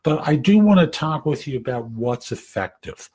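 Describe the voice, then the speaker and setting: A man in his later years, hosting a podcast, giving career advice in a soft, gentle, conversational way. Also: medium pitch, sing-song, normal speed, breathy edge. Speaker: career coach and podcast host. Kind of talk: casual advice talk.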